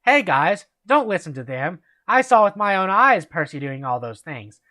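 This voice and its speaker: A man's voice: high voice, big pitch swings, normal speed, bright, forceful tone, full character voice. A man reading aloud the smug lines of a lying young man from a fan story.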